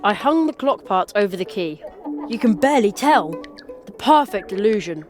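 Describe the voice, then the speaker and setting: A cheeky young boy apprentice magician, voiced by a woman for a video game, full of dry quips. The voice sits at a mid pitch. Loud game music plays under it. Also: big pitch swings, moderate pace, close to an everyday voice. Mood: wry.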